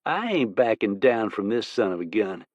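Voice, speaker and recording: A man voicing an excitable young cowboy gambler who hollers his lines. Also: lowish voice, normal speed, no echo, dull audio. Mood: excited.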